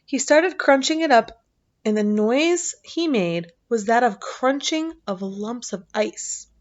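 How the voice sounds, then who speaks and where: A woman narrating a storybook aloud, reading steadily and dropping into soft, casual asides. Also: on the high side, animated, slow pace, highs cut off.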